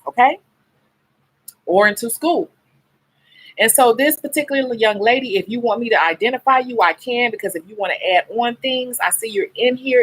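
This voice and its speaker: Husky-voiced woman, blunt and emotional. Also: on the high side, poor audio. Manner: blunt, emotional, talks straight to viewers. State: sleep-deprived, tired. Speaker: nail technician and beauty YouTuber. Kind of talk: candid livestream chat.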